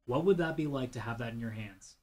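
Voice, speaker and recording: A man's voice: medium pitch, fairly quick. A man from Canada hosting a casual podcast, telling a story in a rambling way and acting out the quotes. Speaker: podcast host.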